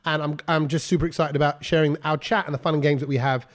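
A man, hosting a casual podcast chat in a lively, playful way. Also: a little high, fast talker. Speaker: podcast host.

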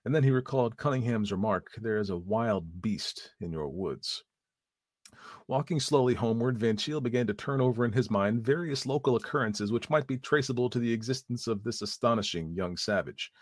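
A man reading a story aloud as narrator in a measured, even manner. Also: mid-range voice, no room sound, studio quality.

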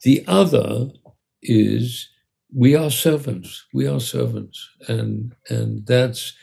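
An older man, a conductor and music educator, telling lively anecdotes in an interview, now and then acting out the voices of the people in them. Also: mid-range voice, slow, gravelly, husky. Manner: animated anecdotes with acted-out voices. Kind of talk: storytelling in an interview.

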